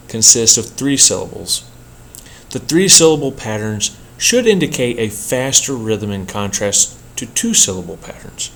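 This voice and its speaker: A man teaching a poetry workshop in a measured, explanatory lecture style, with an occasional slip. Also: medium pitch, very animated, slight background noise. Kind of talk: scripted lecture narration.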